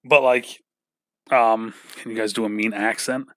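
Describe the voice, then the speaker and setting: Bright, dry-voiced podcast host man. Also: fairly low pitch, fairly even intonation, a little slow, dry recording. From England. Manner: rambling, lots of filler and swearing. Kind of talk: casual podcast chat.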